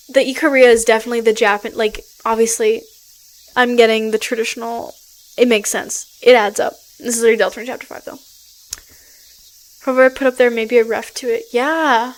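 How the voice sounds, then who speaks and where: A woman streaming a story game, reading it aloud and reacting excitedly, often gasping and laughing at what she sees. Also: a little high, moderate pace, rough recording.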